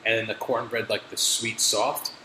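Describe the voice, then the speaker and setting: A young man hosting a casual chat, telling animated stories with plenty of swearing. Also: lowish voice, normal speed. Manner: animated storytelling, heavy swearing. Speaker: podcast host. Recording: echoey room, faint noise.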